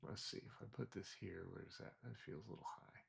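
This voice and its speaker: A man's voice: on the low side, fairly quick, vocal fry, breathy edge. A middle-aged man streaming his trading live, telling rambling self-deprecating stories in a casual chat. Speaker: futures trader streaming live.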